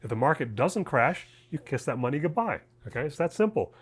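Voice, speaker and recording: A man's voice: a little high, very animated, brisk, breathy edge. Chatty man explaining trading basics. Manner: chatty, lots of "okay?" and "right?" check-ins; uses homely examples and jokes. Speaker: trading educator, co-founder. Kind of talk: casual explainer talk to camera.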